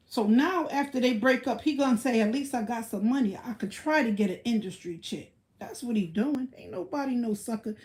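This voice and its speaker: A woman's voice: on the high side, fairly quick, few pauses, a little mellow. A woman hosting a livestream, ranting casually in a blunt, profane, boastful way. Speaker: livestream host.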